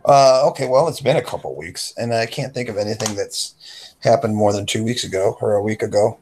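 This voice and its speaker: A man's voice: lowish voice, a little fast, darkish tone, a little hiss or hum. A man co-hosting a casual podcast chat, telling a rambling story and acting out the voices of people he quotes. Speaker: podcast co-host.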